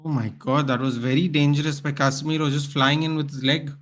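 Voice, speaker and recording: A man's voice: a little high, steady tone, fairly quick. A man hosting a live football watchalong, calling the play as a partisan fan and chatting with viewers. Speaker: watchalong host.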